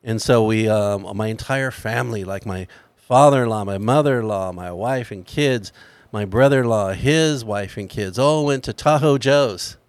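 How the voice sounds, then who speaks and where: A man's voice: on the low side, moderate pace, no echo. A middle-aged man casually telling a funny family story on a podcast, acting out the people he quotes. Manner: animated anecdote teller, acts out quoted voices. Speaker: podcast host.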